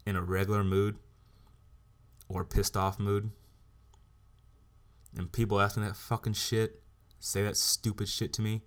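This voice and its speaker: A man's voice: lowish voice, completely flat delivery, unhurried, long pauses. A man hosting a solo podcast, ranting bluntly and swearing heavily as he talks. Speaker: podcast host.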